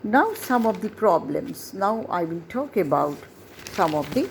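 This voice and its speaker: Woman teaching, lively pitch. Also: slight background noise. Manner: explains slowly, repeats phrases, asks rhetorical questions. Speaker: English teacher. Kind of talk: classroom-style lesson explanation.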